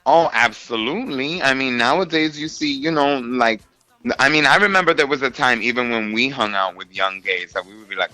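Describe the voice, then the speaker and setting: A man's voice: medium pitch, brisk, no echo, poor audio. Campy New man telling stories. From New York City. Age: middle-aged. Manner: campy and animated, with lots of "honey" and "darling". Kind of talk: casual chat.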